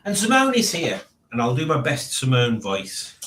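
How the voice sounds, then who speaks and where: A man hosts a casual livestream from an echoey room, rambling and chuckling to himself while he reads out chat messages. He speaks at normal speed in a medium, fairly bright voice with huge swings in pitch.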